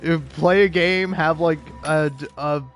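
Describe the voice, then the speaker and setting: A young man rambles through casual gameplay commentary, swearing freely and restarting his sentences. His voice sits slightly high, and faint game music runs underneath him. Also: fairly even intonation, slow pace, a bit bright. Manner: rambling, profane, laughing asides. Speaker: streamer.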